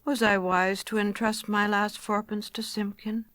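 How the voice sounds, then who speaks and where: A woman's voice: mid-range voice, little pitch movement, measured pace, fairly bright tone, no room sound, close to an everyday voice. Brief: storybook figure, anxious old tailor muttering his worries, read by a woman. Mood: lamenting. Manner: mumbling, lamenting. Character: poor old male tailor, fretful and anxious.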